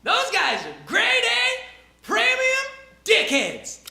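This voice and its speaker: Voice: very high-pitched, huge pitch swings, takes it slowly, gravelly, bright, forceful tone, echoey room, voice pushed up, heavily acted. A game master voicing a friendly, laid-back peasant man who cleans up after banquets, talking in a slangy stoner drawl. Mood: chummy.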